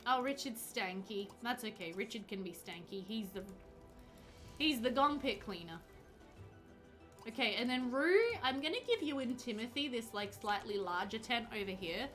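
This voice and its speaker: A woman's voice: a little high, animated, moderate pace, fairly bright tone, faint music behind. A woman streaming a game live, chatting casually, teasing the game characters and answering viewers.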